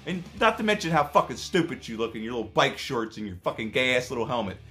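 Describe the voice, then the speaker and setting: A man ranting in a video, swearing heavily and swinging between angry shouting and low, exasperated muttering. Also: animated, fast talker, faint music behind. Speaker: YouTuber. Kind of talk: profane rant video.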